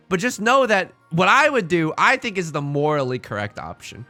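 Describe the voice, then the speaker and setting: A young man streaming a game live, excitable and joking as he reads the game text aloud to his chat. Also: sits high, normal speed, soft background music.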